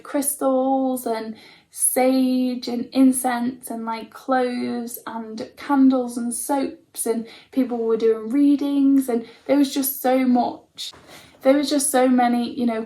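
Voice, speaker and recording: Young woman rambling thru her story, lots of likes and ums, kinda high voice but flat and creaky. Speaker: vlogger telling her own story. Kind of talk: casual storytelling to camera.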